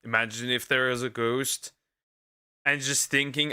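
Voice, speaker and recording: A man's voice: medium pitch, moderate pace, pushed and bright. A man streaming a reaction, making crude, mocking jokes as he comments on a video. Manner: crude, jokey, mocking asides.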